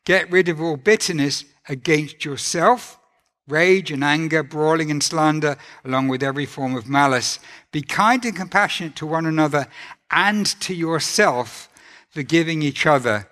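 A man preaching a sermon in a gentle, conversational way, asking his listeners rhetorical questions. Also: on the high side, moderate pace, in a large hall.

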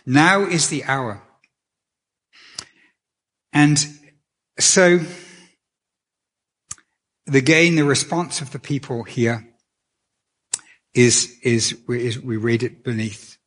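A man's voice: medium pitch, drawn-out words, pauses often, a bit bright. A man preaching a sermon in a conversational way, often restarting his sentences. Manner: conversational, with many restarts and fillers.

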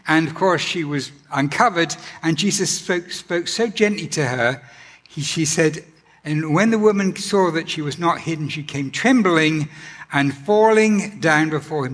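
Earnest preacher, husky, in a reverberant hall. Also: male voice, fairly high pitch. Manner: gentle, earnest, with frequent ums and restarts. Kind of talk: sermon.

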